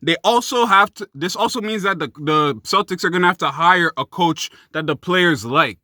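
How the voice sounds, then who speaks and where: A young man delivers a fired-up sports rant, loose and profane, calling his viewers guys and bro. His voice sits high and sounds sharply bright and forceful. The sound is close and completely dry. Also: moderate pace, dry recording. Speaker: sports commentary YouTuber.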